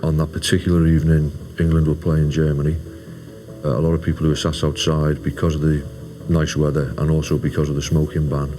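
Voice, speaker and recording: Very deep, dark-voiced man. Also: fairly quick, soft background music. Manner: calm, factual. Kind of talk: documentary interview.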